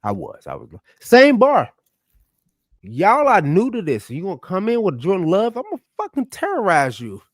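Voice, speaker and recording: A man telling a story in casual podcast chat, loud and profane, animated, with sudden drops to mutters. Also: high-pitched, normal speed, no echo, studio quality. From United States.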